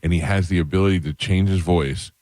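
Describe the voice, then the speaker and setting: A man's voice: fast talker, a little mellow, no echo. A man hosting a radio talk show, chatting casually in the studio and telling stories with playful impressions. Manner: storytelling, acts out voices in high falsetto. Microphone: studio mic.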